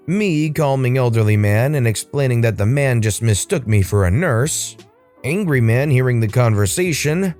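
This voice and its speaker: A man's voice: mid-range voice, animated, normal speed, darkish tone, soft background music. A man hosting a storytime channel, reading Reddit stories aloud in a conversational way. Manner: friendly, conversational sign-off.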